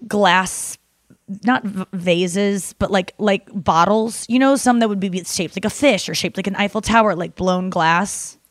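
A woman's voice: mid-range voice, unhurried, no echo, studio quality. A young woman hosting a podcast, chatting casually with friends, rambling and explaining things with lots of fillers and the odd swear word. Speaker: podcast host. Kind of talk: casual chat.

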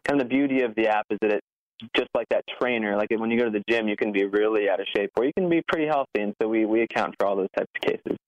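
A podcast guest, the founder of an app, speaks earnestly and quickly in a lowish voice during a conversational interview. He leans heavily on "like" and lets out a nervous laugh. The recording is dry, with a dull, muffled lo-fi sound.

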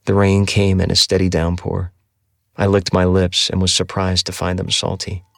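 A man reading a first-person novel aloud in a measured, somber audiobook narration. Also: sits low, completely flat delivery, vocal fry, no room sound, clean studio sound.

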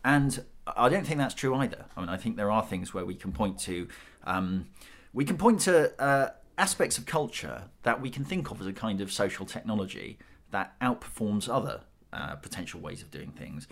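This panel guest is a middle-aged man from Britain whose expressive voice sits on the low side, a bit bright, with vocal fry, at a moderate pace. Thinking aloud in the discussion, he is thoughtful and frequently restarts.

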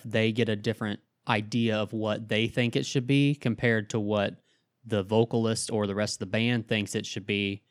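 A man co-hosting a podcast, mostly listening with short agreeing replies and a calm thoughtful turn. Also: lowish voice, dry recording, clean studio sound. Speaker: podcast co-host. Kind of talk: casual chat.

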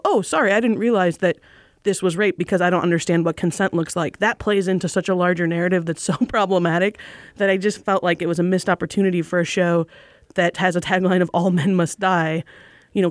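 A woman's voice: fairly low pitch, dry recording, clean studio sound. A woman co-hosting a casual podcast chat, speaking in an earnest, articulate and explanatory way. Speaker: podcast co-host.

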